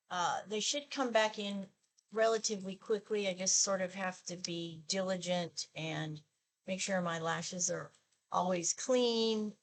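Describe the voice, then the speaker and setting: A woman's voice: on the low side, vocal fry, slight background noise. A woman in her sixties chatting casually while she applies her makeup for a get-ready-with-me video. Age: 60s. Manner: slow, chatty, talks while applying makeup. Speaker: beauty vlogger.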